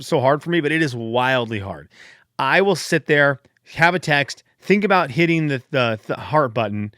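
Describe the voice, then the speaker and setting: A man's voice: on the high side, bright, forceful tone, dry recording. Rambling man on a dry podcast mic. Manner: rambling, self-deprecating storytelling. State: fired up late at night. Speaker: podcast host. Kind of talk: casual solo podcast chat.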